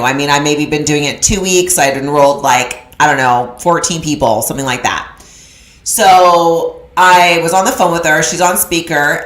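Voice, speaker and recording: A woman's voice: on the low side, a bit bright, reverberant, poor audio. A middle-aged woman coach giving a live online masterclass in an emphatic, preacher-like style, talking straight to her audience. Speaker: business coach. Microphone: video call.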